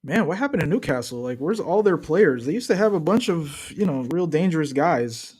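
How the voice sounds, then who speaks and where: A young man talks loosely through a live stream, trash-talking and joking about football as he watches. His voice sits fairly high for a man. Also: animated, a little fast, darkish tone, husky. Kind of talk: casual live-stream commentary.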